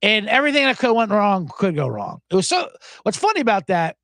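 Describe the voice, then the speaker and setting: Animated, sarcastic male podcast host. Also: high-pitched, a little fast, dry recording. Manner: animated, sarcastic, profane, laughs often. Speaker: sports betting podcast host. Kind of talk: casual solo podcast talk.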